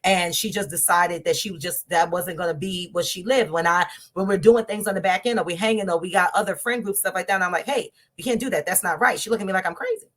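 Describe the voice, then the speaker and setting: A woman in her thirties telling a personal faith story to a discussion group, candid and lively, often turning to her listeners. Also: on the low side, fast talker, few pauses. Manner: animated, conversational, laughs often, addresses listeners directly.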